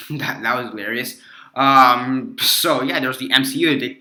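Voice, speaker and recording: A man's voice: medium pitch, brisk, pushed and bright. A man casually reviewing a movie on his video channel, rambling with many fillers and restarts and swearing freely.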